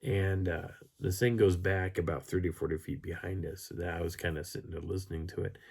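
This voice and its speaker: A hoarse man telling a camping story in a casual, animated way, chuckling as he goes. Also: low voice, brisk. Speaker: channel host.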